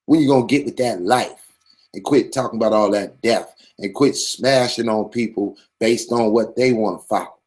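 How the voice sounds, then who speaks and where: Low-voiced swaggering male commentary host. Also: normal speed, darkish tone. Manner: blunt, swaggering, preachy. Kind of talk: profane streetwise commentary monologue.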